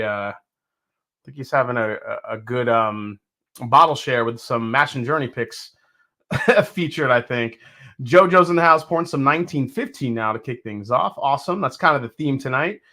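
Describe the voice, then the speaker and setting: A man's voice: fairly high pitch, pushed and bright. A man hosting a live stream, from New York, chatting casually and greeting viewers one by one. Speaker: host.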